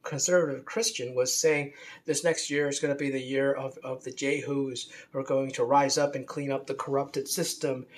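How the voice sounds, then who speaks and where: A man's voice: medium pitch, level tone, normal speed. A man talking in a rambling, unscripted monologue, with many restarts and fillers and a scornful edge. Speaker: commentator on religion.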